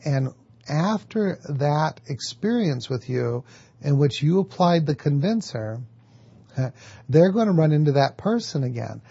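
A man's voice: fairly high pitch, very animated, measured pace, vocal fry, dark tone, husky, lo-fi sound. A man teaching a lecture on hypnotherapy, explaining step by step and answering his own questions. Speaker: hypnotherapy instructor.

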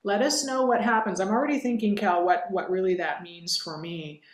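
A woman's voice: medium pitch, steady tone, moderate pace, reverberant. A woman co-hosting a hypnosis training discussion, explaining ideas in an earnest, explanatory way. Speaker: co-host, hypnotist. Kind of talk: teaching discussion.

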